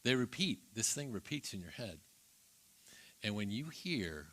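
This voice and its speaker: A man's voice: fairly low pitch, animated, normal speed, sharp tone. A man, a church pastor, speaking thoughtfully in a conversation. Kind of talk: reflective conversation.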